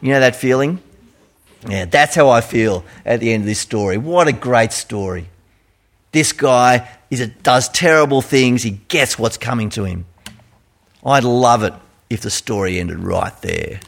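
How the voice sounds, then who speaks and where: Animated Australian male preacher. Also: medium pitch, a little slow, gravelly. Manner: animated, conversational storytelling. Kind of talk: sermon.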